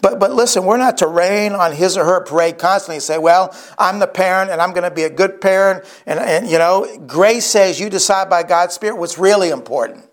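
Higher-voiced man preaching a sermon. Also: a little fast, few pauses. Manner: earnest storytelling with repeated restarts. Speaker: pastor.

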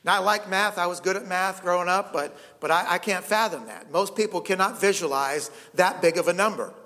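A man preaching a sermon, emphatic, checking in with the congregation with quick "okay?" and "right?" asides. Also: sits high, lively intonation, bright, forceful tone. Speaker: pastor. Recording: long hall reverb.

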